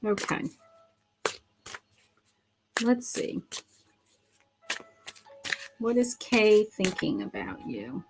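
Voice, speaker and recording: A woman's voice: medium pitch, sing-song, extremely slow, pauses often, over music. A middle-aged woman, a psychic, giving live tarot readings to viewers in a chatty, affectionate way, thinking aloud with frequent ums and restarts. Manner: chatty, affectionate, calls viewers sweetheart and honey.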